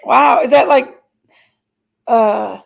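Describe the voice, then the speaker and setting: A woman's voice: a little high, creaky, rough recording. A middle-aged woman, chatting casually as a livestream host and reading out viewers' comments. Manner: chatty, playful, drawn-out exclamations.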